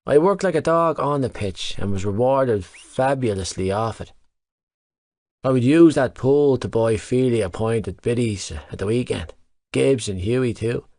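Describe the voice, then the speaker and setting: A man narrating an audiobook in the first person at a middling pitch. His storytelling is even and measured. The recording is dry and close in a studio. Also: no room sound.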